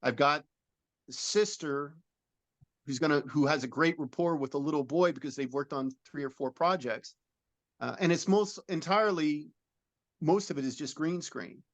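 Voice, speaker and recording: A man's voice: fairly high pitch, moderate pace, dry recording. Earnest middle-aged man telling a long story. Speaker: film director and producer. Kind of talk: interview, describing a film idea.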